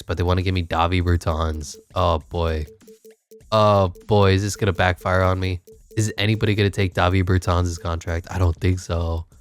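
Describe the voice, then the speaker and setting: Low-voiced man doing wry game commentary. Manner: wry, sarcastic, thinking aloud. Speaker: gaming YouTuber. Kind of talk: casual gameplay commentary.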